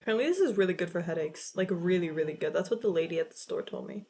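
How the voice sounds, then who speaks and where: A woman's voice: lowish voice, lively intonation, very fast, warm tone, breathy edge. A young woman in her late teens chatting casually in a vlog, rambling and swearing, with lots of "like" filler. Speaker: vlogger. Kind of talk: casual chat.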